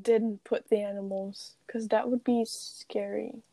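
A woman in casual chat on a video call, halting and searching for words. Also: mid-range voice, flat delivery, warm tone, no echo.

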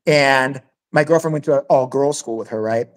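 A man's voice: mid-range voice, normal speed, low-quality recording. A man hosting a podcast, telling a story in a loose, profane way and acting out the voices. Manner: profane, animated, acts out voices in stories. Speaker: podcast host. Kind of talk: casual storytelling chat.

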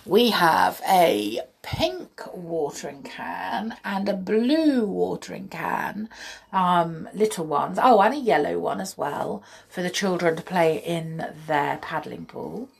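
A woman reads a children's story aloud in a slow, lively way, her pitch rising and falling. Her voice is husky with a gravelly edge, and she drops into breathy whispers for asides.

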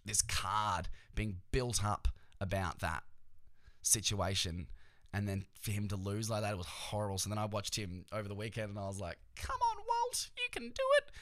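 A man's voice: fairly low pitch, fairly bright tone, no room sound, clean studio sound. A man hosting a podcast, chatting casually about sports in a joking, profane, rambling way. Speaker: podcast host.

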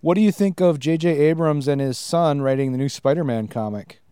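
Brief: Minnesotan male host, easygoing, laughs a lot, smooth voice, slightly high, dry close sound. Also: a little fast, mellow, no room sound. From Minnesota, US Midwest. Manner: easygoing, laughs often, frequent "um". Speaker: podcast host. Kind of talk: casual podcast interview.

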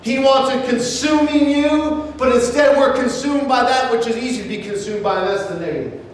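A middle-aged male pastor preaching a sermon, earnest, slowing down for scripture quotes. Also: extremely high pitch, fairly even intonation, slight background noise. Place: church sanctuary. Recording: echoey hall, mic in room.

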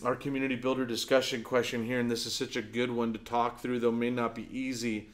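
A man preaching a sermon as pastor, conversational and earnest, telling stories and dropping to a soft, low voice for his key points. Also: level tone, a little fast.

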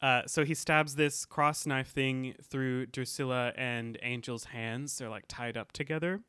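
Man, podcast co-host, casual recap chat, bright tone, smooth clear voice, laughs often. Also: mid-range voice, steady tone, measured pace, no echo. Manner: laughs often, loose and chatty with many fillers.

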